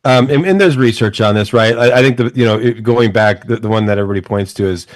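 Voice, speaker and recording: A man co-hosting a casual political talk, measured and a little hesitant, often restarting his sentences. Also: on the low side, no echo.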